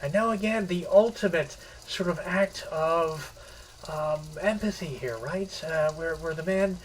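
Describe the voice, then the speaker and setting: Halting man retelling a story. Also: fairly high pitch, distant mic, a little hiss or hum, poor audio. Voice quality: halting, rambling, restarts mid-phrase. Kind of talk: casual spoken summary of a short story.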